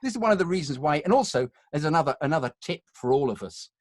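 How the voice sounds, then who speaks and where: A man's voice: fairly high pitch, lively intonation, quick pace, no room sound. Chatty British voiceover man, dry sound. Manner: chatty, self-mocking, acts out quotes. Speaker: voiceover artist. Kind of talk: conversational anecdotes.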